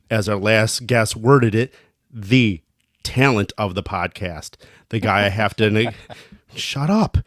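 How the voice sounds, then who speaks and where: A man's voice: medium pitch, no room sound, clean studio sound. A man co-hosting a podcast, teasing and ribbing his co-host in casual banter.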